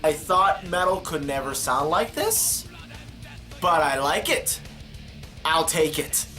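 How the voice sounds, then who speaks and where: Lively, enthusiastic man vlogging. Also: on the high side, slow pace, soft background music. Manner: enthusiastic and playful. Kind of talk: casual monologue to camera.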